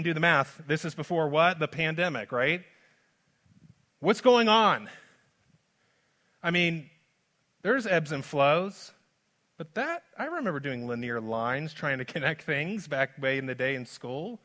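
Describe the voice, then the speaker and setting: A man preaching a sermon as pastor, moving from hushed lines to loud, urgent ones. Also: fairly high pitch. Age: adult father. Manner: dynamic preaching, swings from soft to loud.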